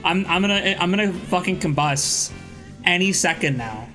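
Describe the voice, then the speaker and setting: A man's voice: high-pitched, animated, moderate pace, rough recording. A young man hosting a stream, chatting casually and telling a rambling story with restarts and swearing. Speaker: streamer host. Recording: music playing faintly behind.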